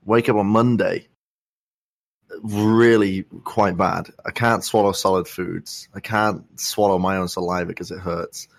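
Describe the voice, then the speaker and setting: A young man with a sore throat, speaking softly while telling a rambling, wry story in a casual podcast chat. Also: sits low, steady tone, measured pace, creaky, dry recording. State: sore throat, soft-spoken. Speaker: podcast co-host.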